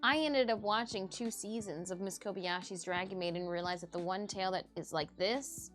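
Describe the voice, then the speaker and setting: A woman streamer in casual chat, talking in an animated way. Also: mid-range voice, moderate pace, hardly any pauses, soft background music. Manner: chatty and animated.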